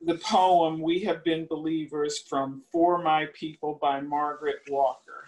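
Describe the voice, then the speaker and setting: An older woman in her seventies recalls her college years in an oral history interview. She speaks very slowly and pauses to search for details, often trailing off. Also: deep voice, fairly even intonation, darkish tone, poor audio. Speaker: alumna interviewee.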